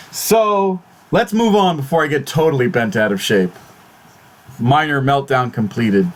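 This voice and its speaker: A man's voice: mid-range voice, very animated, unhurried, a little hiss or hum. A man hosting his own vlog, talking casually and fretfully, swearing often and restarting his words. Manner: swears a lot, repeats and restarts words in agitation; fretful, exclamatory. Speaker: YouTube channel host.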